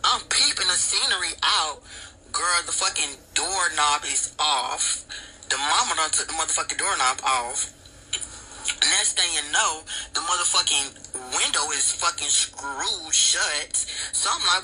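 A man telling a story in a casual, profane and animated way, acting out the lines of the people in it. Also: fairly high pitch, a little slow, slight background noise, low-quality recording. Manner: profane, animated retelling with quoted dialogue.

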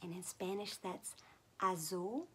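A woman leading a gentle music and sign-language lesson for small children, speaking softly and slowly, often dropping to a whisper. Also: on the low side, slight background noise. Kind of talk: gentle teaching for toddlers.

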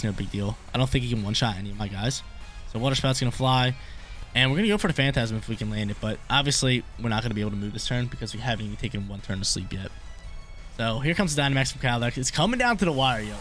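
A young man talks quickly through his own game, thinking aloud in casual slang and repeating phrases as he weighs each move. His pitch sits in an ordinary middle range. Soft game music plays faintly behind him. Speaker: gaming YouTuber. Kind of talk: live game commentary.

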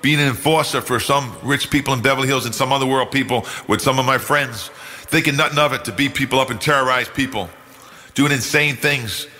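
With soft background music and a long hall reverb, an older New York man delivers his personal testimony as a guest. His mid-range voice is brisk, bright and forceful, and he speaks earnestly and emphatically, acting out quoted dialogue.

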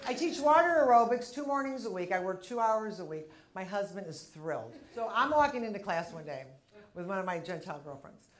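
Animated and fairly quick, a woman in her fifties performs punchy stand-up comedy in a club, her voice mid-range. She's brash, works the crowd, and draws laughter from the audience.

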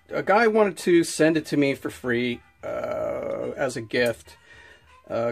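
A man giving a casual unboxing review, rambling with many restarts and fillers and getting worked up as he rants. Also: medium pitch. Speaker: knife reviewer.

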